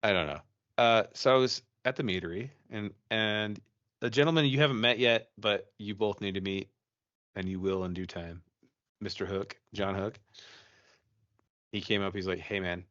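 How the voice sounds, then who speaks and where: A man's voice: fairly low pitch, moderate pace, fairly bright tone, no room sound, dull audio. A man co-hosting a podcast, chatting casually and telling a ghost story, profane and rambling with many restarts. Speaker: podcast co-host.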